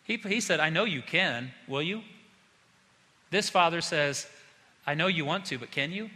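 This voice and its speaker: Male pastor, impassioned sermon, slightly high voice. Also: lively intonation, unhurried, bright, forceful tone. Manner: impassioned, acts out quoted voices. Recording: long hall reverb.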